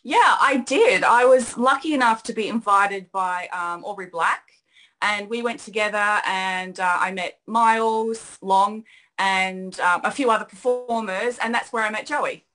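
A woman's voice: mid-range voice, a little slow, bright, forceful tone, low-quality recording. An Australian woman chatting as a guest on a video call, upbeat and chatty. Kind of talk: casual chat on a video call.

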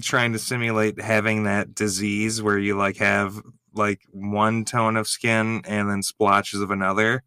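A man giving excitable, gushing reaction commentary, swearing freely as he reacts. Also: on the low side, clean tone, no room sound, studio quality.

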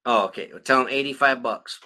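A man's voice: mid-range voice, brisk, pushed and bright. A middle-aged man co-hosting a podcast, ranting in a blunt, heated and profane way. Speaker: podcast co-host. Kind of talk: casual profane rant.

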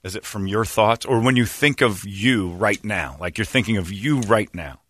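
Deep, forceful man, chatting casually. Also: normal speed, no echo, clean studio sound. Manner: rambling and self-mocking, many fillers. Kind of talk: casual group chat.

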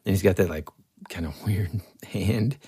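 A man's voice: sits low, measured pace, mellow, breathy edge, no echo, studio quality. A man co-hosting a podcast, chatting casually about movies in a laid-back way. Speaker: podcast co-host.

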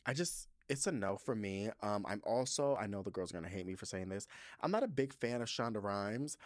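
A man's voice: on the low side, a little fast, no echo, studio quality. A young man hosting his own podcast, chatting casually and sassily with lots of playful swearing and asides. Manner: sassy, expressive, frequent swearing and playful asides. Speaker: podcast host. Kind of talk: casual solo podcast chat reading listener reviews.

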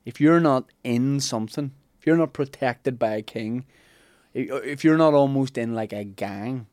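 A man's voice: moderate pace, a little mellow, dry recording, clean studio sound. A man, co-hosting a casual comedic history chat, bantering and acting out scenes. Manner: banter, acts out characters in a low mumble. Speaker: podcast co-host.

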